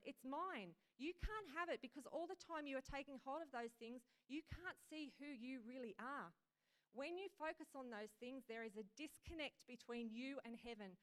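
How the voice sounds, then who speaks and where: A woman's voice: fairly high pitch, smooth, close to an everyday voice. A woman voicing Jesus as a firm, insistent man while reading a dream story aloud in a sermon. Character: stern then joyful male Jesus, insistent.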